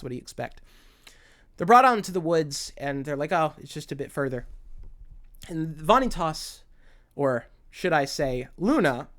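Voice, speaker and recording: A man's voice: fairly high pitch, a bit bright. A man retelling an anime series in a casual video essay, emotional and rambling, with many restarts. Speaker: anime commentator.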